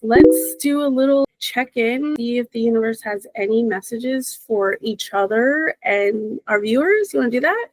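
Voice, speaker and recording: A woman intuitive reader in casual podcast chat, expressive and encouraging, laughing often. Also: a little high, normal speed, few pauses, dry recording, faint music behind, poor audio.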